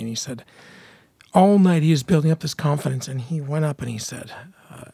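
A man's voice: medium pitch, normal speed, creaky, warm tone, slightly rough, no echo. A man in a casual podcast chat who chimes in with jokey asides and his own anecdotes. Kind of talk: casual banter.

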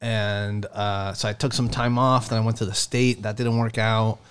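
A man's voice: lowish voice, little pitch movement, normal speed, clean tone. Profane, joking podcast host man. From Sacramento area. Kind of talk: casual podcast chat.

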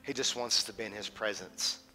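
A man in his thirties preaching a sermon as a teaching pastor, swinging from loud and passionate to hushed and intimate. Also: fairly low pitch, a little fast.

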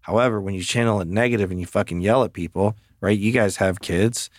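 A male podcast host with a lowish voice talks in a blunt, emphatic way, swearing freely as he tells stories about leading people. The sound is close and dry, with no room around it. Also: fairly quick, dry recording. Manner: blunt and profane, emphatic storytelling. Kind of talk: casual chat.

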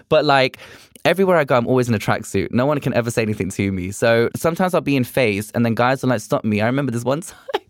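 Young guest, mid-pitched, animated raconteur voicing every line of dialogue, dry close sound. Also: male voice, no room sound. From England. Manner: animated, acts out quoted dialogue. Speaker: podcast guest, drag performer. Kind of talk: casual storytelling chat.

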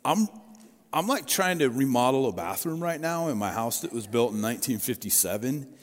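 A man's voice: mid-range voice, very animated, normal speed. A middle-aged male pastor preaching a sermon in a conversational, storytelling way with personal asides. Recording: long reverb of a large hall.

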